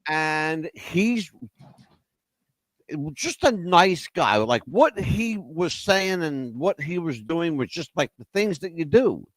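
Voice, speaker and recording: Male talk host, animated and teasing, lively high-ish voice, dry close sound. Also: slow pace, no echo. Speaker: show host. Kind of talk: casual chat.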